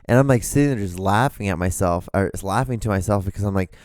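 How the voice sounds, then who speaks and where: A man's voice: fairly low pitch, quick pace, hardly any pauses, darkish tone, no echo, studio quality. A man in his thirties telling a rambling, profane personal story on his solo podcast, with many restarts. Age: 30s. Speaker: podcast host.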